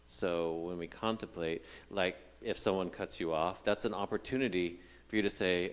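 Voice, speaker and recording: A man's voice: deep voice, normal speed, hardly any pauses, smooth, in a large hall. A man in a church congregation sharing his thoughts casually and loosely, with frequent fillers. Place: church hall.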